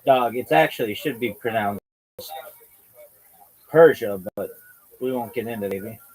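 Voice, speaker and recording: A man's voice: mid-range voice, moderate pace, a little mellow, breathy edge, rough recording. A man hosting a livestream in casual chat, swearing and using slang as he rambles. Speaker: livestream host.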